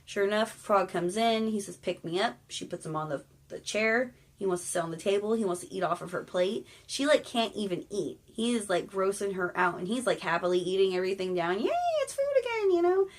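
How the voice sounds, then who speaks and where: A woman's voice: medium pitch, brisk, hardly any pauses. A woman casually retelling an old fairy tale in slangy, irreverent talk that includes swearing. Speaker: storyteller.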